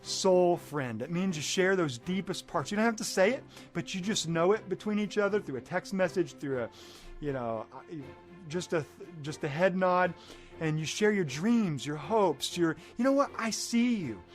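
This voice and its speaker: A middle-aged man speaks as a life coach in a high, light voice. His motivational talk is animated, and he keeps breaking into excited acted-out moments. Faint music plays underneath. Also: moderate pace. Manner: animated, acts out scenes in excited bursts.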